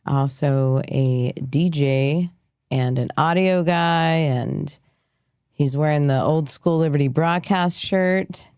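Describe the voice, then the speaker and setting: A woman's voice: low-pitched, mellow, clear, resonant tone, no room sound, clean studio sound. A woman hosting a live news talk show in a casual, rambling way, with many fillers and restarts. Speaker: host.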